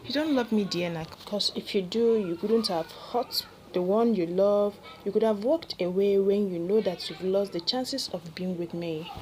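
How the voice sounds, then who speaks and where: A woman's voice: medium pitch, normal speed, few pauses, darkish tone, slight background noise, lightly acted, rough recording. A woman reading the lines of a heartbroken young man who reproaches his ex-girlfriend in a pleading, hurt way.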